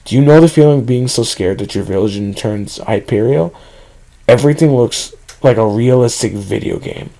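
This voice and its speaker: A man narrating a first-person horror story at a steady reading pace. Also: mid-range voice, moderate pace, vocal fry, poor audio.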